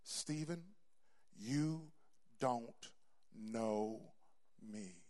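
A man voicing God in a sermon, speaking slowly in a low, hushed way, word by word. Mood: solemn. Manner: slow, hushed and drawn out. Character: voice of God, solemn and judging.

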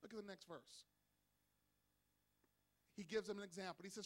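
Man, pastor, high-pitched; dramatic sermon delivery with calls for congregation response, in a church. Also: steady tone, normal speed, pauses often. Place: church sanctuary.

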